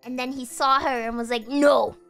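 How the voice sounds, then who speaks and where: A woman streamer telling a story in casual chat, animated, laughing often and breaking into shrieks and swearing. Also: high voice, brisk, clear, resonant tone, soft background music.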